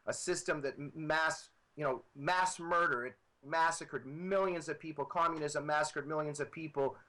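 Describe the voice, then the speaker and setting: A man speaks as a guest on a political talk show, his voice high-pitched and bright. He argues with emphatic repetition and builds his points to a rising emphasis. He is heard over a computer microphone. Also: poor audio. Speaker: guest author. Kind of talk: impassioned political commentary.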